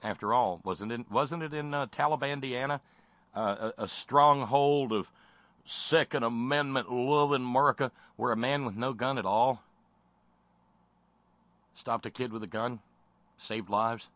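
A male host rants with biting sarcasm and rising passion, often stumbling and repeating words. His voice sits at a middle pitch, and the recording is close and dry. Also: measured pace, pauses often, a bit bright, dry recording. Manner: sarcastic, stammering restarts. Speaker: talk show host. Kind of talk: impassioned commentary.

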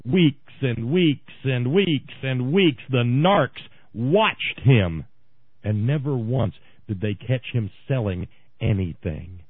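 A man hosting a radio talk show, delivering an impassioned political monologue with sarcastic, shouting bursts. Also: medium pitch, lively intonation, takes it slowly, husky, no room sound. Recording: tinny phone-like radio sound, dry.

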